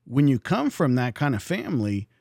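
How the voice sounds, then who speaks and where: Lively-voiced male interviewer, dry sound. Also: mid-range voice, normal speed, no room sound. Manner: inquisitive, conversational, some restarts. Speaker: interview host. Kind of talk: podcast interview.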